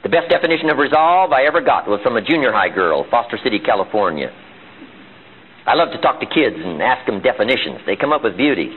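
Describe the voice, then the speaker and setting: A man's voice: mid-range voice, sing-song, quick pace, breathy edge. A man giving a live motivational seminar in a meeting room. He is emphatic and fires off rhetorical questions. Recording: tinny lo-fi archival seminar tape.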